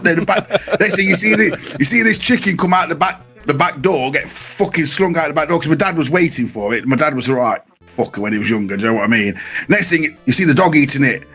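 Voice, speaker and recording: Man, husky voice, swearing storyteller, podcast co-host, faint music under. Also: fairly high pitch, lively intonation, fast talker, hardly any pauses, bright, forceful tone. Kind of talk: casual storytelling chat.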